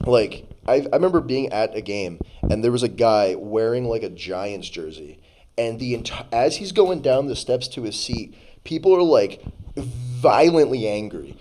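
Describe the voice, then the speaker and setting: Philly guy rambling thru a story, pitch all over the place, lotta likes. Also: darkish tone, a little hiss or hum, low-quality recording. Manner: rambling storyteller, lots of fillers and restarts. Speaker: podcast co-host. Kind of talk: casual chat.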